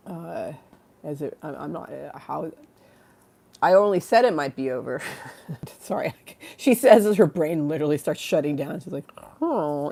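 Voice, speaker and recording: A woman's voice: low-pitched, vocal fry, mellow. A tired, yawning woman hosting a casual livestream talk show, rambling and self-mocking, laughing often and reading chat aloud.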